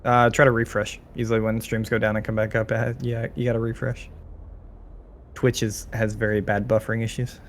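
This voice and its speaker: A man's voice: mid-range voice, level tone, brisk, slight background noise. A man with a mid-range voice chats casually with friends before an online game. He jokes around while working through stream problems. He is speaking into a home mic on a voice call. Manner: joking, troubleshooting stream settings. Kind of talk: casual pre-session chat.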